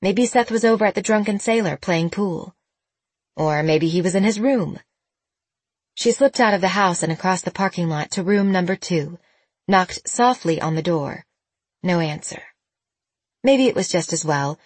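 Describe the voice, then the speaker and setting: A woman reads a novel aloud in a measured, expressive way. Her voice sits low with a husky, breathy edge, and the recording is close and dry. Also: no room sound. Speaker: narrator. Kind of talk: audiobook narration.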